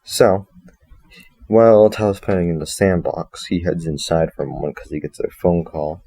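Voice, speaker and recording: A man's voice: low voice, steady tone, normal speed, warm tone, breathy edge. A man reviewing a story in a casual, rambling way, reading passages aloud and breaking off with joking asides and self-corrections.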